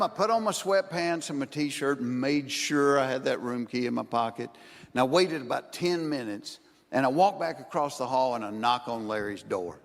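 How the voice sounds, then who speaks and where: A man doing stand-up, telling a long story and acting out the quoted lines, sometimes building to shouted punchlines. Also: medium pitch, noisy background. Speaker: stand-up comedian. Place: stage in front of a live audience. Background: audience laughter.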